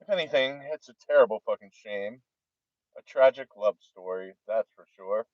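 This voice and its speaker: A man's voice: lowish voice, normal speed, no echo. A man from New Jersey with a New Jersey accent, talking in a rambling monologue to camera that is heavily profane and keeps trailing off. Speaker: vlogger. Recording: dull lo-fi dry recording.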